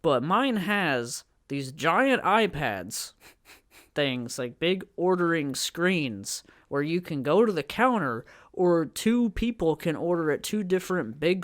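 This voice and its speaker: A man's voice: fairly high pitch, fairly bright tone. A man co-hosting a casual podcast, chatty and rambling as he recounts food outings. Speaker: podcast co-host.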